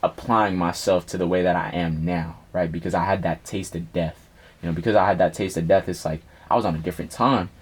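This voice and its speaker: A young man with a husky, somewhat low voice recounts a personal story in a relaxed interview. He talks in loose slang, swears freely and tells it with animated energy. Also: a little fast. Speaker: rapper guest.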